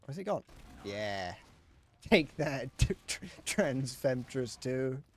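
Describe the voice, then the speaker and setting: A man's voice: mid-range voice, big pitch swings, slow pace. A British man chatting casually on a gaming livestream, swearing freely and laughing often. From Britain. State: sweaty while gaming. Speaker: streamer.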